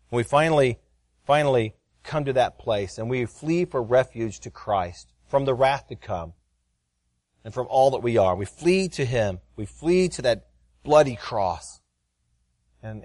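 A middle-aged man preaching a sermon, often repeating words and rising to loud, fervent heights as he tells a story. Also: mid-range voice, dry recording, studio quality.

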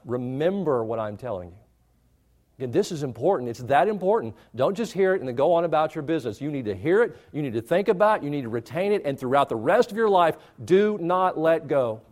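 A male pastor preaching a sermon, emphatic and repetitive, rising in pitch to stress key phrases. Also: a little mellow.

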